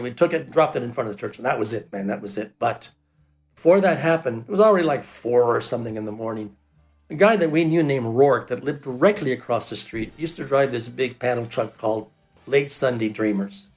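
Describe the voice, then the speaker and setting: A man telling a personal story in a loose, casual way, with lots of fillers, who acts out the people he quotes. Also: mid-range voice. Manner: animated, acts out the quoted voices; loose and rambling, with fillers like "you know".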